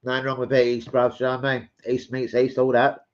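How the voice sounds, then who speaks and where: This man's mid-range voice is completely flat and a little fast, and the recording has its highs cut off. He hosts a casual football livestream for a fan channel, reading transfer gossip, rambling, and swearing as he talks with viewers.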